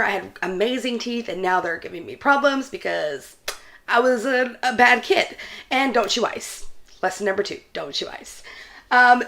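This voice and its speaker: A woman book vlogger chatting casually to her viewers, telling a story in an animated way and laughing between phrases. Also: fairly high pitch. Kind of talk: casual vlog chat.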